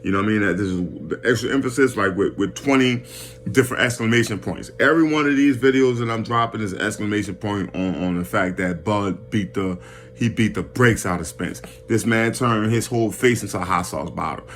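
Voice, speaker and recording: A man rants casually about boxing in a fairly low voice, piling on slang and repeating himself as he pushes his point. A faint hum runs under the recording. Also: a little fast. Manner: animated, repetitive slang-heavy rant with many restarts. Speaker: boxing commentary vlogger. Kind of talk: casual boxing commentary rant.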